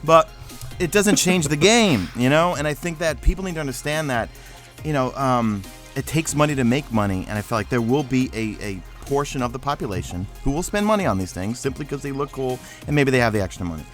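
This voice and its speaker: A man's voice: medium pitch, animated, fairly quick, faint music behind. A man co-hosting a casual gaming discussion, thinking aloud with lots of fillers and restarts. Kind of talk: casual chat.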